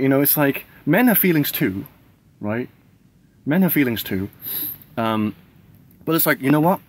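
A man in his thirties gives a loose, rambling monologue to camera, with filler words all through it. His voice sits at an ordinary middle pitch, and his talk is casual, with the occasional swear word. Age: 30s. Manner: rambling, many "like" and "right?" fillers; swears casually, laughs between thoughts. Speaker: vlogger.

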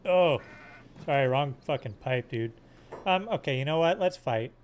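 A man's voice: medium pitch, animated, normal speed, a little hiss or hum. A man streaming a game live, joking crudely and swearing as he plays. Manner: hums silly sound effects. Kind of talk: live gameplay commentary.

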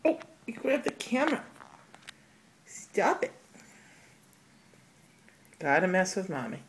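A woman's voice: mid-range voice, sing-song, slow pace, background noise. Woman baby-talking her pet, sing-song. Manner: playful scolding, sing-song pet talk. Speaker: pet owner filming her squirrel. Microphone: handheld camera.

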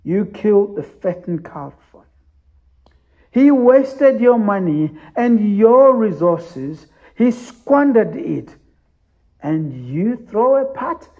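A preacher voicing a resentful, loyal elder son who complains in an aggrieved tone. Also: male voice, high voice, sing-song, takes it slowly, muffled recording, pitched above the performer's own voice, exaggerated voice.

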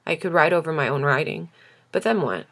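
Low-voiced female reader for a measured, intimate novel reading. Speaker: audiobook reader.

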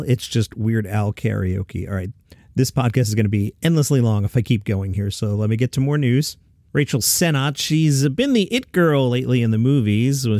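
A man hosting a daily comedy news podcast, reading listings and adding quick casual asides. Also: mid-range voice, darkish tone, no echo, clean studio sound. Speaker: podcast host.

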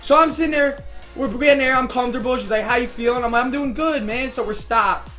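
A man's voice: very high voice, fast. Young man telling a rambling story over game music. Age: young adult. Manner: animated, rambling storyteller who gets loud and excited. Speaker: gaming YouTuber. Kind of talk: casual storytime over gameplay. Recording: faint background music.

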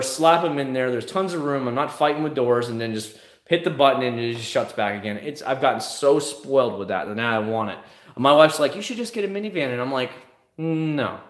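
A man's voice: medium pitch, roomy sound. A man in his thirties, a car vlogger chatting casually and acting out quotes in his stories. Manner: animated storytelling with acted-out quotes. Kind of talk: casual chat.

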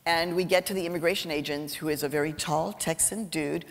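A woman in her fifties, a journalist giving a keynote speech, an animated and emphatic storyteller. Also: low-pitched, a little fast. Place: large auditorium. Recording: reverberant lecture hall.

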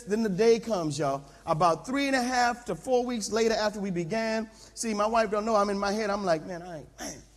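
Animated high-voiced male preacher. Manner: animated, comic, talks straight to the crowd. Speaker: pastor. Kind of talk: humorous sermon storytelling. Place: large camp tent. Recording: long reverb in a large camp tent.

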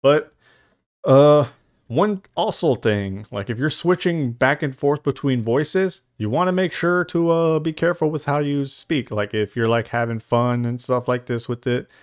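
A young host talks unhurriedly in a mid-range voice as he loosely walks through voice-changer settings in a software tutorial, dropping the odd mild curse. The recording is dry, made on a studio mic with noise suppression.

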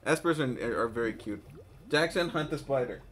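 A man streaming a game live, giving quick excitable callouts to his teammates with yelps and laughs, into a headset mic. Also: mid-range voice, heavy background noise. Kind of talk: live gameplay commentary. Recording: loud game music behind.

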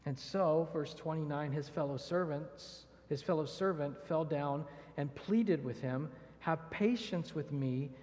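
A man's voice: on the high side, a little slow, hardly any pauses, darkish tone. A man preaching a verse-by-verse sermon as pastor, earnest, asking rhetorical questions and reading scripture aloud. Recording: long church reverb.

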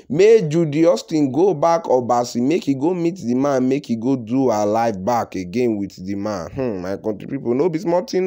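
A man with a Nigerian accent runs through celebrity gossip for his viewers in a lively, repetitive way. His voice sits a little high for a man. He keeps turning back to his audience as he talks. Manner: animated, repetitive, addresses viewers as "my country people". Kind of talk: gossip commentary in Pidgin.

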